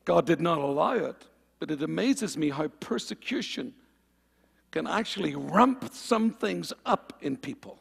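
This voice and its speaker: A man preaching a fervent sermon, calling on the congregation for amens and swinging between loud and quiet passages. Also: fairly high pitch, expressive, measured pace, gravelly, husky, big-room sound.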